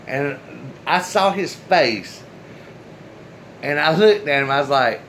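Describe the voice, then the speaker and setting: A man's voice: fairly high pitch, expressive, slow, long pauses, a bit bright, slight background noise, rough recording. Chatty man telling a story to viewers. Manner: loose, chatty, swears, talks straight to viewers. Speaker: storyteller, channel host. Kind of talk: casual personal storytelling.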